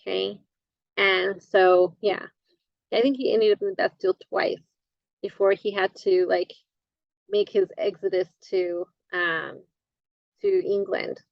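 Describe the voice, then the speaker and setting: A woman instructor giving a recorded lecture, halting often with fillers and correcting herself as she goes. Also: mid-range voice, fairly even intonation, vocal fry, no room sound, muffled recording.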